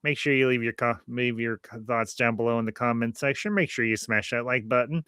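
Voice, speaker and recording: A man's voice: mid-range voice, brisk, sharp tone, clean tone, no room sound, clean studio sound. A man hosting a casual podcast, rambling a little and repeating phrases as he thanks his viewers. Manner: friendly sign-off, thanking viewers. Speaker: podcast host.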